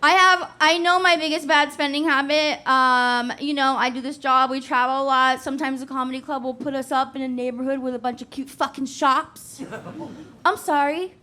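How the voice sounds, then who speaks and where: A woman's voice: high voice, fairly even intonation, normal speed. A woman in her forties performing a stand-up set, profane and self-deprecating, laughing at her own jokes. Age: 40s. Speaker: stand-up comedian. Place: comedy club stage. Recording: live club with loud audience laughter.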